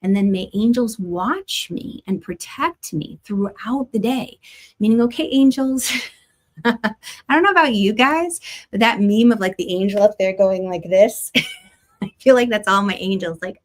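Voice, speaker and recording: A woman's voice: medium pitch, lively intonation, normal speed. A woman hosting a live astrology and spiritual guidance stream, chatty, laughing often and greeting viewers by name. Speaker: astrology host. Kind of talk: livestream spiritual guidance talk.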